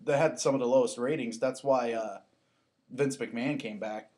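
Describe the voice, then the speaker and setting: A man with a middle-range voice chatting easily on a podcast. He swears in a relaxed, offhand way. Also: mid-range voice, normal speed. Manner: easygoing, casual swearing. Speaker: podcast co-host. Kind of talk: casual podcast chat.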